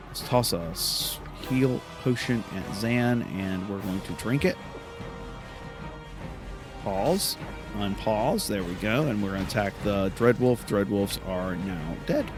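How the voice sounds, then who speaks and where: A man's voice: on the low side, slow, over music. A man hosting a let's play, giving casual gameplay commentary, rambling and correcting himself with many fillers.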